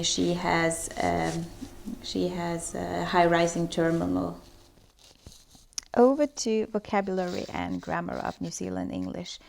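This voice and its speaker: A woman giving a scripted lesson, explaining points in a measured way as she reads from notes. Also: mid-range voice, vocal fry, a little mellow. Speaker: student presenter.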